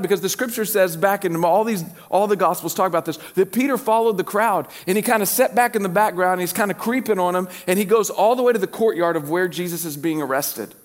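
A man preaching a sermon as pastor, telling a story and swinging between animated and hushed delivery. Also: high-pitched, fast talker, few pauses.

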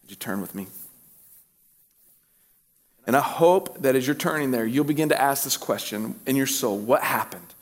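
A man preaching a sermon as pastor, telling a story and swinging between animated and hushed delivery. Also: mid-range voice, moderate pace, long pauses.

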